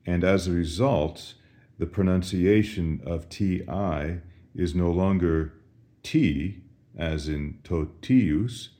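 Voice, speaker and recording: A man, a priest, teaching Latin responses in a slow drill, asking each phrase and answering with careful, precise pronunciation. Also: low voice, mellow. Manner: slow, deliberate, repeats questions and answers.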